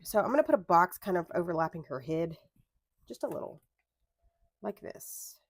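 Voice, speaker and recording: Quick, very animated and husky, her low-ish voice belongs to a young adult planner vlogger. Seated at a home craft desk, she chats casually while crafting, rambling into side topics and correcting herself.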